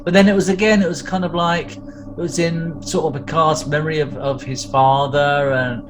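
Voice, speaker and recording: A man's voice: a little high, steady tone, moderate pace, poor audio. A man hosting a casual podcast chat, rambling through details with plenty of fillers. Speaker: podcast host. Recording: audible background noise.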